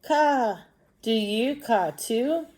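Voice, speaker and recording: A woman reading aloud and voicing a small friendly crow in a picture book, with a high cheerful voice and loud caws. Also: lively intonation, slow. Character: small friendly crow asking other animals.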